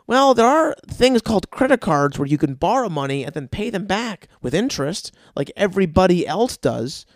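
A young man rants on his podcast, swearing nonstop and slipping into sarcastic mocking voices. His voice sits a little high. The recording is dry and close, with no room sound. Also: sing-song, normal speed, hardly any pauses, dry recording. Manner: swears constantly, mocks with sarcastic quoted voices. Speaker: podcast host. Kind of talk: profane comedic rant. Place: Los Angeles.

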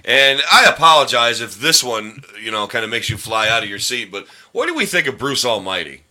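A man hosting a relaxed podcast with a bright, sharp voice that swings up and down as he talks. He rambles, jokes and tends to trip over his words while he keeps the chat going. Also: medium pitch, brisk. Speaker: podcast host. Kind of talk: casual chat.

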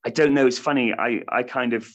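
A man's voice: medium pitch, steady tone, a little fast, a bit bright, muffled recording. A British man, a stage actor, chatting casually in an interview, rambling with many restarts and frequent laughter. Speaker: stage actor playing a comedian.

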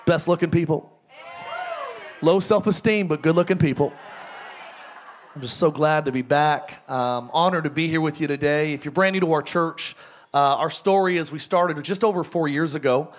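A middle-aged man, a pastor, talking a little tired from jet lag as he welcomes his congregation with jokes and announcements, now and then breaking into loud emphatic bursts. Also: fairly high pitch. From United States. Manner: playful, self-mocking, swings to loud emphatic bursts. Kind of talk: joking church welcome and announcements. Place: church auditorium before a congregation.

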